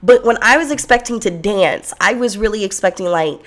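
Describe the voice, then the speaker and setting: A young woman telling a personal story in a blunt, profane, sarcastic and animated way. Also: mid-range voice, brisk. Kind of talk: casual storytelling.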